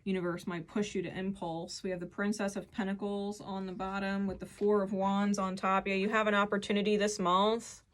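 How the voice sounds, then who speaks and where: A woman's voice: medium pitch, level tone, fairly quick, hardly any pauses. A woman giving an earnest, emphatic tarot reading who repeats key phrases as she pulls cards. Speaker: tarot reader.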